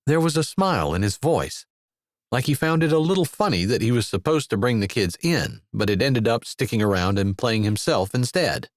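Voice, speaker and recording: A man reading an audiobook romance as narrator, with an expressive delivery. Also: mid-range voice, normal speed, dry recording, clean studio sound. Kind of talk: scripted narration.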